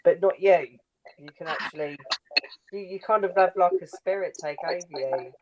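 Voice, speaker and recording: A woman's voice: fairly low pitch, moderate pace, muffled recording, heavy background noise. A woman chatting casually on a live stream from her kitchen, blunt and teasing, swearing freely. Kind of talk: casual chat. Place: home kitchen.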